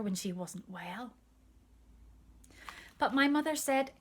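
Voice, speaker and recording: A woman reading a children's story aloud in a gentle, intimate way with soft asides. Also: a little high, animated, slow pace, pauses often.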